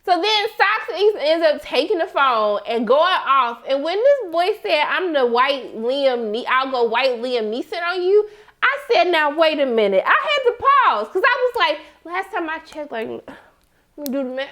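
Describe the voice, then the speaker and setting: A woman giving a casual, animated recap of a TV episode, laughing and acting out the characters' lines. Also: sits high, normal speed. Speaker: TV recap host.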